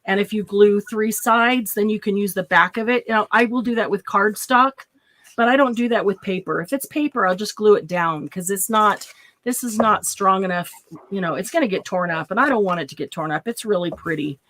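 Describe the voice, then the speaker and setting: A chatty woman talking through a paper-craft tutorial. Her voice sits at an ordinary middle pitch. She thinks aloud and giggles easily between steps. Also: fairly quick, a bit bright. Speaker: craft channel host. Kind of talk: casual craft tutorial with live chat.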